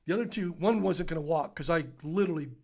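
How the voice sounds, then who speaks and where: A man with a notably high speaking voice spins a rambling, animated story as a podcast guest. He acts out everyone's lines himself, drops in fillers and the occasional swear word, and keeps it conversational. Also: quick pace. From United States. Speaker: podcast guest, business owner.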